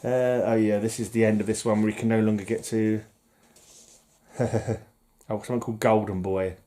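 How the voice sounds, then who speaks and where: This comic book vlogger speaks in a fairly low, mellow voice at a moderate pace with little pitch movement. His channel talk is a relaxed, rambling chat peppered with jokes and frequent giggles.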